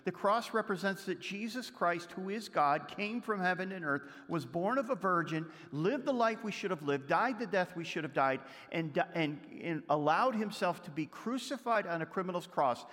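Guy preaching, high voice, tells the story then reads verses, gets loud then goes real quiet, big echoey hall. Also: lively intonation, moderate pace, few pauses. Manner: storytelling, reads scripture aloud, shifts between loud and hushed. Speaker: pastor. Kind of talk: sermon.

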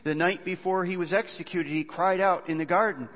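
A man preaching a sermon as pastor, animated and often voicing cries of despair. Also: on the high side, moderate pace, hardly any pauses. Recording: dull sound, long reverb of a large hall.

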